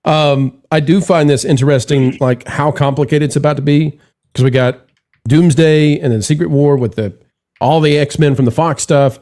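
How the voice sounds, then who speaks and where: Panel host, male, slightly high voice, chatty with restarts. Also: darkish tone. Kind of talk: casual panel chat.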